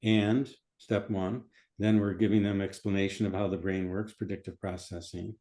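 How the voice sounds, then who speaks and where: Dr explaining stuff in an interview, calm guy, warm low voice, repeats himself a lot. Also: moderate pace. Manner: calm, methodical, repeats phrases. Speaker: physician.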